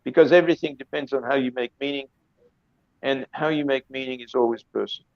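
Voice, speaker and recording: A man's voice: medium pitch, steady tone, quick pace, gravelly, no echo. A man speaking emphatically on an academic video-call panel, often repeating words as he reworks a thought. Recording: dry, slightly dull lo-fi audio.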